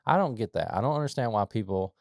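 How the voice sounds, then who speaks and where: A man co-hosting a podcast in casual chat, rambling with lots of fillers and sudden animated bursts. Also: fairly low pitch, fast talker, creaky, no echo, clean studio sound. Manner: rambling, filler-heavy, jumps to animated outbursts. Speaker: podcast co-host.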